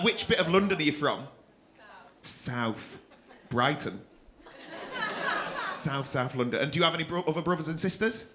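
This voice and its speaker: A man's voice: high voice, pushed and bright, slight background noise. A man doing crowd work as a stand-up comedian in a club, teasing audience members with a cheeky, swearing manner. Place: comedy club stage before a laughing crowd. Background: audience laughter.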